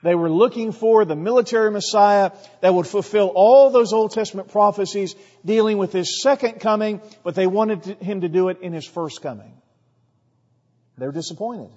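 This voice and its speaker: A man preaches with emphasis, slipping into the voices of the crowd. His voice sits high. It rings with long reverb in a church hall, through a dull, lo-fi recording. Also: a little mellow. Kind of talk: sermon.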